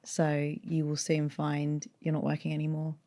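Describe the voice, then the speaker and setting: A woman's voice: low-pitched, completely flat delivery, moderate pace, warm tone. A woman from North London with a neutral British accent and a light North London tinge, a voiceover artist chatting as an interview guest and explaining at length with restarts. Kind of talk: casual interview chat.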